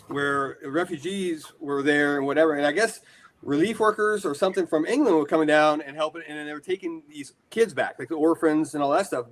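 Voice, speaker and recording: A man in his forties from the United States, telling rambling, animated stories as a guest in a casual interview. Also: fairly high pitch, slight background noise. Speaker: guest, horror shop owner.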